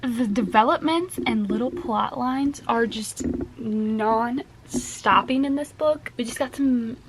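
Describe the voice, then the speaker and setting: A woman's voice: fairly high pitch, slow, noisy background. A young woman in her twenties vlogging while reading, reacting with gushing, emotional exclamations. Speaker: book vlogger. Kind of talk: casual reading vlog chat.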